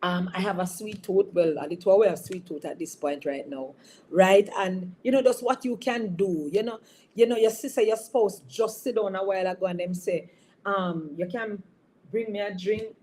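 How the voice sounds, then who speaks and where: A woman's voice: medium pitch, moderate pace, dark tone, slight background noise. Woman preaching casually on marriage. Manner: conversational, teasing audience members by name, frequent tag questions. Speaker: bishop. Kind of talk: informal sermon on marriage. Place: online service broadcast.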